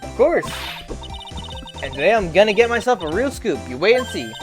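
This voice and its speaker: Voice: mid-range voice, sing-song, moderate pace, natural voice. A streamer voicing a brash, eager woman photographer with a folksy American Southern drawl, over game music. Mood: boisterous.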